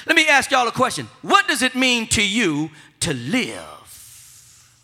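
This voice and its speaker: A man's voice: very high voice, wildly swooping pitch, slow pace, pushed and bright. A man preaching a fervent sermon, repeating phrases and leading the congregation in call-and-response.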